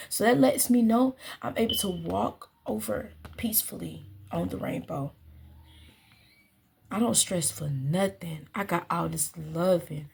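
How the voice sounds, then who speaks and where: A woman's voice: medium pitch, creaky, husky. A woman working as an astrological guide, talking in a casual, earnest spiritual reflection and repeating her phrases as she muses.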